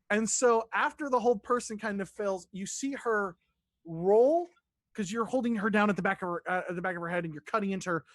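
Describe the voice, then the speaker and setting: A man's voice: high-pitched, fairly quick, no room sound. A man runs a tabletop game as its dungeon master. He narrates loosely, restarting sentences and swearing now and then. The recording is close and dry.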